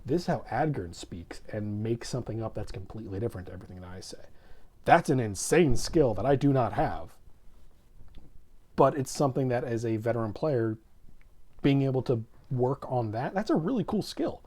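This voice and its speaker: Mellow-voiced man rambling with false starts. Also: mid-range voice, expressive, moderate pace. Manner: rambling, with many false starts and self-corrections. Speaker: co-host. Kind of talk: casual podcast chat about tabletop role-playing.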